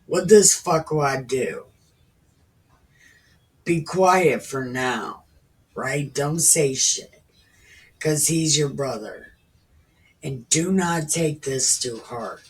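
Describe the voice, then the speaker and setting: A woman's voice: low voice, animated, drawn-out words, pauses often, heavily acted. A woman doing a brash scheming young prince. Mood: urgent. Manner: pushy, slangy, profane. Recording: distant from the mic.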